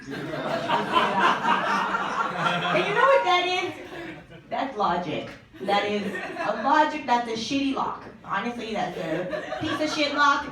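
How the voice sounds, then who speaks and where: A young woman doing stand-up comedy, trading deadpan lines and laughing at her own jokes. Her voice sounds distant and swims in heavy reverb. Constant room noise sits underneath. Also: medium pitch. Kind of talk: stand-up set. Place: comedy stage with live audience. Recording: echoey live room from far off.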